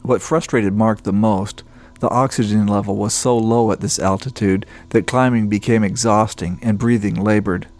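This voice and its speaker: A man reading a story aloud in a steady, descriptive narration. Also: fairly low pitch, moderate pace, faint music behind. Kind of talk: scripted narration.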